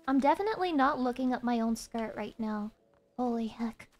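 A woman's voice: a little high, normal speed. Playful, sarcastic young woman streamer. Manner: playful, sarcastic, breaks into hushed ASMR-style whispers. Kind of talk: casual gameplay commentary.

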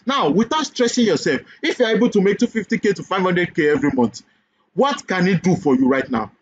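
Man, Nigerian accent, high voice, persuasive webinar sales pitch, keeps asking "okay?", lo-fi muffled audio. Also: lively intonation, fast, a little hiss or hum. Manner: persuasive, repeats "okay?" and questions. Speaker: online business coach.

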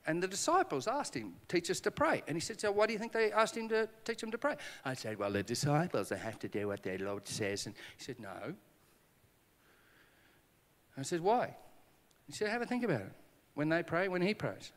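A man's voice: a little high, normal speed, long reverb tail. A male pastor giving a conference sermon, telling stories with acted-out dialogue and self-deprecating humor. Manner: animated storytelling with acted dialogue. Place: conference hall.

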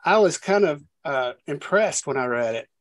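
A man's voice: a little high, lively intonation, normal speed. A man hosting an interview, asking questions in an easygoing conversational way. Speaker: interview host. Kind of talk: casual interview chat.

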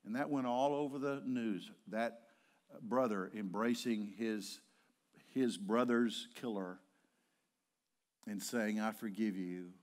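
An older man, a pastor, preaching a sermon and telling stories, at times rising to impassioned shouting. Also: fairly low pitch, takes it slowly, pauses often. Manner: storytelling, building to impassioned shouting. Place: church sanctuary.

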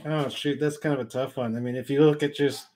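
Co-host, male, relaxed podcast banter, measured and understated. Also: mid-range voice, a little hiss or hum. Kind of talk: casual podcast chat.

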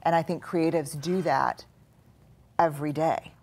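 Low-voiced woman, earnest and reflective. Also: steady tone, measured pace, breathy edge. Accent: Texan. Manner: earnest, reflective, drops to soft quiet tones. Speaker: guest speaker. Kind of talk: live conversation.

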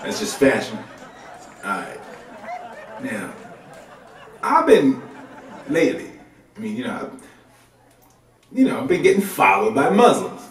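A man's voice: medium pitch, measured pace, pauses often, some chatter behind, slight background noise. A man doing a stand-up comedy set on a club stage, talking in a loose, colloquial, conversational way. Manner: loose, conversational, colloquial delivery with lively swings. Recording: roomy club sound from a distant mic.

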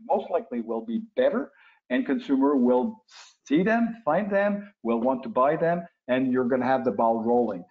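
Older francophone man, expert guest, halting restarts, muffled webinar sound. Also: mid-range voice. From Quebec, Canada. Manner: explanatory, with frequent restarts and uh fillers. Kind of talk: webinar interview answers. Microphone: video call. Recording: lo-fi webinar audio.

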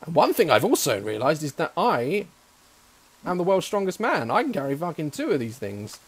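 Excitable, jokey young man. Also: a little high, moderate pace, breathy edge. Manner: excitable, swears a lot, jokey. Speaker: gaming YouTuber. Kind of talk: gameplay commentary.

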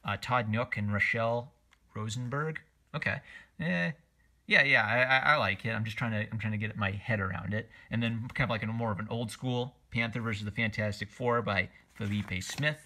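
A man's voice: fairly low pitch, normal speed, sharp tone. A man casually reviewing comic book covers, rambling and opinionated, with lots of fillers and restarts. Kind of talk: casual commentary while flipping through covers.

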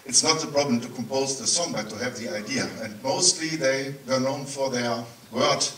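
A man's voice: medium pitch, moderate pace, fairly bright tone, a little hiss or hum. Chatty German man in echoey cinema. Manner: chatty, digressive, joking aside to the audience. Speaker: festival presenter introducing a film. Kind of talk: live introduction before a screening. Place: large cinema auditorium. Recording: roomy hall sound from far off.

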